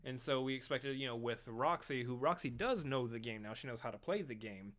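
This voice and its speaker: A man's voice: mid-range voice, animated, fairly quick, fairly bright tone. Casting: male co-host from Texas. Rambling, easygoing recaps with friendly teasing. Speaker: podcast co-host. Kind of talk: casual chat.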